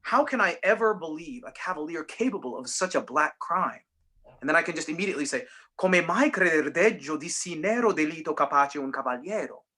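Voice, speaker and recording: A man's voice: on the high side, lively intonation, brisk, sharp tone. A man teaching a voice lesson, patiently explaining and demonstrating lines by speaking and singing them.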